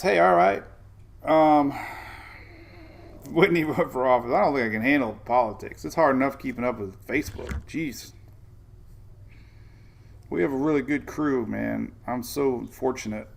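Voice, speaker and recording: Gravelly rambling weather host, a man. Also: mid-range voice. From Florida, United States. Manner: rambling, chatty, vents then jokes. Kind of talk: casual live weather talk.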